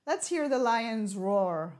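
Woman teaching English slowly. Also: a little high, lively intonation, a little mellow. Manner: slow, clear teacher talk with riddles and Hebrew glosses. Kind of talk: broadcast classroom lesson.

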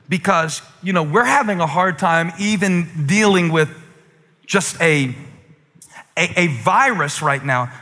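A pastor in his forties preaches in a loose, conversational way, building to emphatic high points. His voice is bright and sits a little high for a man, and it rings with the long reverb of a large hall. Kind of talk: sermon. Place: church stage with few listeners.

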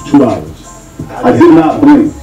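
Middle aged guy telling a story all animated, doing everyone's voices, cussing, roomy sound w music under it. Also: mid-range voice, slow, highs cut off. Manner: acts out voices of people in his story, swears freely. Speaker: podcast guest telling a story.

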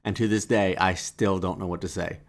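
A man co-hosting a podcast in casual chat, laid-back, sliding into low deadpan quotes. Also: brisk, gravelly. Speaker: podcast co-host.

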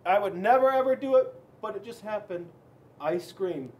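A man, a police officer, reading a children's storybook aloud in an expressive, dramatic way with big swings in loudness. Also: sits high, moderate pace, highs cut off.

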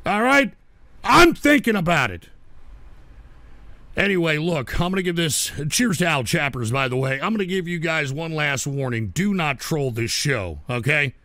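A man hosting a live call-in stream, reading viewer messages aloud and scolding trolls in an exasperated way, often breaking into shouts. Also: a little high, animated, moderate pace, no room sound. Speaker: livestream radio host.

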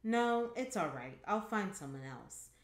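A woman's voice: mid-range voice, very animated, measured pace, pitched above the performer's own voice. Woman reading as a hesitant young male tourist. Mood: apologetic. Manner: hesitant, apologetic. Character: awkward young male tourist, disappointed and apologetic. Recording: echoey room.

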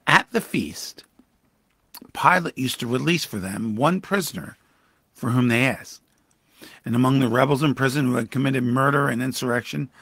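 A man with a gravelly, slightly husky voice teaches scripture as a pastor, reading passages aloud and then pausing to explain them. His delivery jumps to sudden emphatic highs before settling back down. The sound is close and dry, with no room around it. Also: fairly bright tone, dry recording. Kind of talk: devotional Bible teaching. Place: church livestream.

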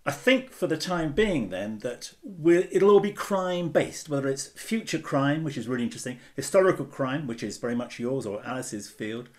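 A man at an ordinary middle pitch chats on a video-call panel about his publishing house. His talk is easygoing, and he slips in teasing jokes at a colleague's expense. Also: lively intonation, moderate pace, few pauses, darkish tone. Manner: teasing and jokey. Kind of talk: casual panel chat.

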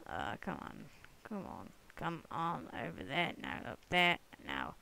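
A young adult gamer records casual let's-play commentary, rambling jokily and now and then letting out sudden excited whoops. The voice is mid-range, creaky and unhurried, with poor audio and other people talking in the room.

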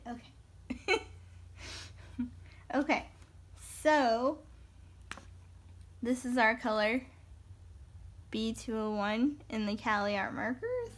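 Slow, giggly woman coloring and chatting. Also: a little high, lively intonation. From American South. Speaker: coloring video host. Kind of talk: casual chat while coloring.

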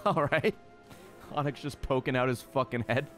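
A man hosting a let's play, giving casual game commentary, excitable and heavy on swearing as he talks to the creatures on screen. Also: mid-range voice, normal speed, faint music behind.

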